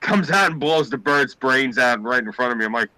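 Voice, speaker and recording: A man on a casual podcast, telling a family story in a profane, animated way. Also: mid-range voice, fairly quick, no echo, poor audio.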